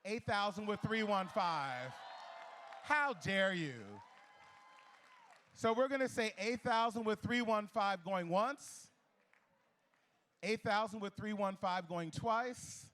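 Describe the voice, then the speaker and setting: A man calling bids at a charity gala auction, playful and teasing with bidders, repeating the bids in quick patter. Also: sits high, fairly bright tone, some chatter behind. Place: gala ballroom.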